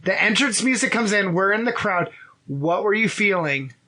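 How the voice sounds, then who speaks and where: A man hosting a podcast in casual chat, joking, teasing his guest and cutting in with quick questions. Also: high-pitched, animated, crowd noise. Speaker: podcast host.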